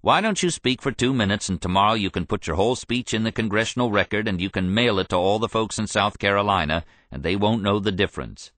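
A man reading the lines of an impatient, forceful Senate leader in an audiobook. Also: fairly low pitch, fast, few pauses, no echo, natural voice. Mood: coaxing.

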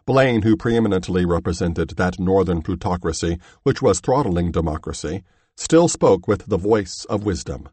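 Man, audiobook narrator, low husky voice, dry close sound, measured delivery. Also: expressive, warm tone, no room sound. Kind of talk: audiobook reading of history.

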